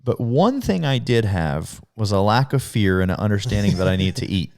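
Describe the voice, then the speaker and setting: A man talks as a podcast guest in a loose, unpolished way, stacking fillers and restarts. He swears often and backs up to correct himself mid-sentence. His voice sits on the low side. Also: very animated, normal speed, a little mellow. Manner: rambling, heavy swearing and fillers; frequent self-corrections and restarts. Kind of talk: casual storytelling.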